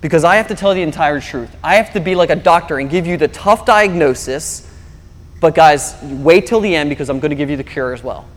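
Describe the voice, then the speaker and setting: A male pastor preaches through a personal story, his delivery lively and animated. His voice sits high for a man, and it rings out with a long reverb, as if in a large hall. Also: a little fast. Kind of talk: storytelling sermon.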